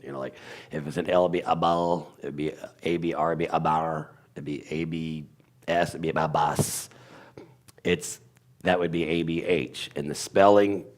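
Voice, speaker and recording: A man with a very deep, low voice explains Hebrew letters in a conversation. He hesitates and hunts for his words, then turns animated as he sounds the letters out. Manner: halting, searches for words with many ums, then animated when sounding out letters. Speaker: guest teacher.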